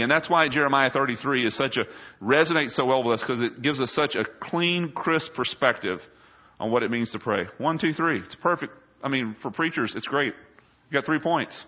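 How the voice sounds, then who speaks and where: A man preaching a sermon as a pastor, swelling loud and high when quoting scripture and dropping low and quiet for asides. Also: normal speed, lo-fi sound.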